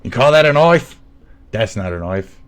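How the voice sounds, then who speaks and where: A man putting on a loud, strained to play a brash outback man quoting a film. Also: sing-song, moderate pace, clean tone, natural voice. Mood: blustering. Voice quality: strained, shouted high. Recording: noisy background.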